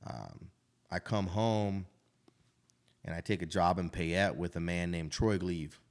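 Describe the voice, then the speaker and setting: Deep-voiced and slow, an Idaho restaurant owner in his thirties talks openly and casually about his life, regularly ending points with "right?"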